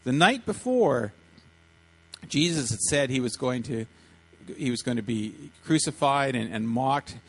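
A man preaching to children, retelling a story in an animated way and often repeating his words as he acts out quotes. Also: mid-range voice, a little slow, husky. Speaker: pastor speaking to children.

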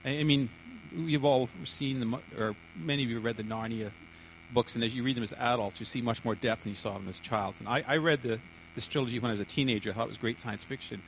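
Male preacher, mid-pitched, halting delivery with many restarts, sermon to a congregation. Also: a bit bright, slight background noise, rough recording. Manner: halting, repeats words and restarts often.

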